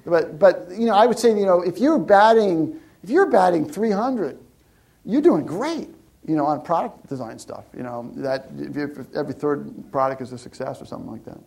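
A middle-aged man giving a casual talk to an audience, animated, often restarting and repeating words. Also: a little high, moderate pace, vocal fry. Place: lecture room with audience.

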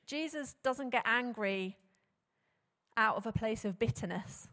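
A woman preaching a sermon, animated and conversational, often posing rhetorical questions to the congregation. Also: a little high, a little slow. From England. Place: church hall. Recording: long hall reverb.

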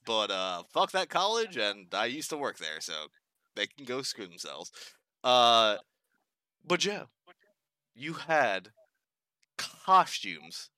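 A young man talking in a rambling, profane way, peppering every sentence with "like". His voice is bright and crisp, and the recording is close and dry. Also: medium pitch, sing-song, takes it slowly, no room sound. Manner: rambling, profane, heavy use of "like". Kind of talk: casual chat.

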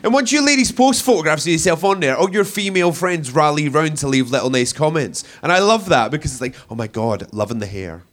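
This young Scottish comic works a comedy club stage with a cheeky, punchy routine, slipping into shrill imitations of women's voices. His slightly bright voice moves at a quick pace with lively intonation and hardly any pauses.

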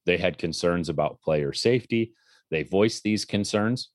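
A man's voice: low voice, measured pace, no room sound, studio quality. A man co-hosting a casual talk show, telling a story with animation and acting out the quotes. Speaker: podcast co-host and color commentator.

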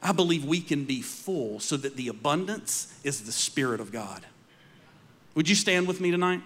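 A man preaching a sermon, telling stories dramatically and dropping to quiet emphasis. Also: on the high side, lively intonation, moderate pace.

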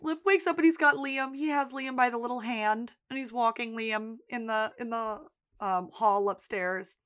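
A woman co-hosting a podcast, recapping a TV episode in casual chat, telling it with lively storytelling, acting out characters' lines and laughing often. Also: a little high, moderate pace. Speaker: podcast co-host.

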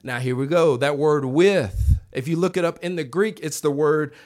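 A man preaching a revival sermon in a church, animated, acting out quoted voices and calling on the congregation to answer back. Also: fairly high pitch, moderate pace. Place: church sanctuary.

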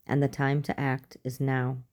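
A woman reading the lines of a stern male general in a measured, authoritative way. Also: a bass voice, monotone, a little mellow. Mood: grave.

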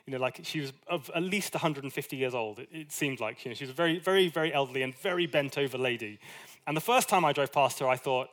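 A man preaching a sermon in a conversational, animated way, with asides and little acted quotes. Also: mid-range voice, fast. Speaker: pastor.

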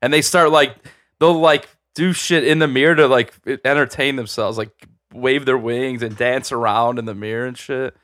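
A man in casual podcast chat, blunt and crude, quick to cut in with his own stories. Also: medium pitch, steady tone, a bit bright, no echo, clean studio sound. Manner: blunt, crude, fast to jump in.

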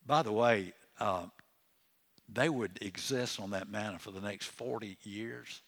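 A man's voice: lowish voice, a little slow, a bit bright. A man preaching a sermon as pastor in a church, conversational and chatty, with joking asides and chuckles.

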